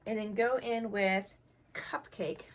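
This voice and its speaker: This beauty vlogger is a young woman talking through a casual makeup tutorial, joking at her own expense as she puts products on. She speaks slowly at a medium pitch with a steady tone, and a faint hiss or hum sits under the recording.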